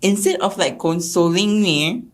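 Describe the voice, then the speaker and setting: A young woman with a Singaporean English accent, telling a personal story as a podcast guest and acting out quotes with sudden jumps in pitch and loudness. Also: lively intonation, measured pace.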